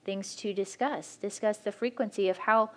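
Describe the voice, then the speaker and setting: A woman's voice: medium pitch, fairly even intonation, moderate pace. Frank woman giving marriage advice. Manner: frank, practical, instructive. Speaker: marriage workshop speaker. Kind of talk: church workshop talk.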